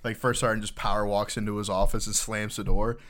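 A man's voice: fairly low pitch, fast. A man hosting a casual podcast, trading jokes and telling profane stories about army life. He jumps into the voices of the people he talks about as he goes. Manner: profane storytelling with animated quoted voices. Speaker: podcast host.

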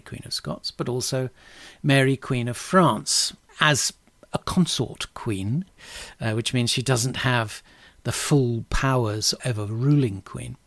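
A man in middle age tells history like a chat, wry and unhurried, with dry little asides. His voice sits at an ordinary pitch and is recorded close and dry, with no room sound at all. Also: vocal fry, dry recording. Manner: chatty, wry, with asides and small laughs. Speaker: podcast host. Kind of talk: casual history storytelling.

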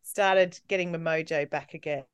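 A woman in her forties with an Australian accent softened by English tones, a podcast guest chatting candidly and mocking herself with frequent laughs. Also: low-pitched, steady tone, moderate pace, clean tone, dry recording. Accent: Australian with an English tinge. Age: 40s. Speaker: guest, comedian. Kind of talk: casual podcast chat.

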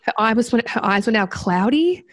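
Woman telling a story, halting and reflective. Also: on the high side, animated, no room sound. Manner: reflective, halting, many fillers and restarts. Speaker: guest. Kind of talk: personal storytelling in conversation.

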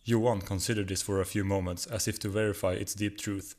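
A man with a Swedish accent, a guest reader narrating a comic short story with a steady reading. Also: lowish voice, a little fast.

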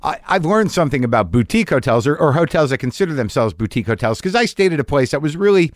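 A man's voice: a little high, expressive, fast talker, no echo, clean studio sound. A man hosting a podcast, delivering a rambling, self-deprecating and profane comic monologue. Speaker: podcast host.

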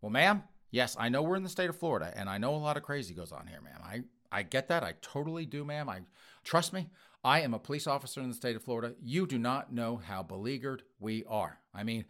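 A man's voice: medium pitch, fairly bright tone. Weary patient cop, as a man puts him on. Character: weary, patient male police officer.

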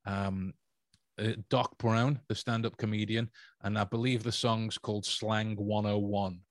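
A man's voice: fairly low pitch, flat delivery, unhurried, dry recording, clean studio sound. A man hosting a podcast, chatting casually and rambling with lots of fillers and restarts. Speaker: podcast host.

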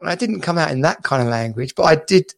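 A man with a somewhat high, gravelly voice hosts a loose, chatty live show. He rambles and laughs easily as he talks over a video call. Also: lively intonation, a little fast. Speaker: podcast host. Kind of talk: casual live-stream chat.

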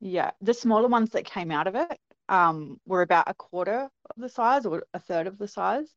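A woman's voice: medium pitch, animated, normal speed, no echo, highs cut off. A woman, recounting what she saw in a casual interview, earnest and hesitant with many ums. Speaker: guest recounting a sighting.

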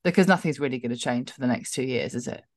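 A middle-aged woman co-hosting a casual chat, animated and laughing as she tells stories. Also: very deep voice, fast, no room sound, clean studio sound. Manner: chatty, laughing, animated storytelling. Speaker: podcast co-host.

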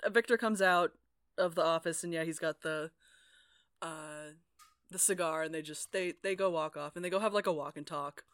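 A woman co-hosting a casual podcast about a fantasy novel, animated and laughing, often quoting characters in silly voices. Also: low-pitched, normal speed, no room sound, studio quality. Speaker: podcast co-host. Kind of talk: casual book-club chat.

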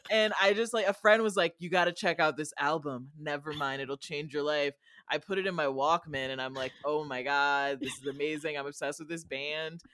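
A woman in her thirties from the United States, a comedian guest on a podcast, telling stories in an animated way, acting out quotes and laughing mid-sentence. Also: sits low, normal speed, few pauses. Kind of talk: casual podcast chat.

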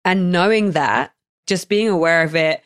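A woman with a low voice hosts a podcast conversation, reflecting on and affirming what her guest says. Her voice is recorded dry, with almost no room echo. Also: moderate pace, clean tone. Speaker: podcast host. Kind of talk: conversational interview.

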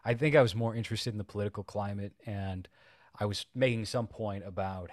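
A man's voice: fairly low pitch, brisk, darkish tone, dry recording, studio quality. Sarcastic man rambling on a podcast. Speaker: podcast co-host. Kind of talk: casual chat.

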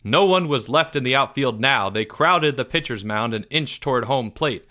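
A man narrates a children's story aloud with expressive delivery. He lowers his voice for suspense. His tone is bright and forward. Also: normal speed. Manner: expressive, drops softer for suspense.

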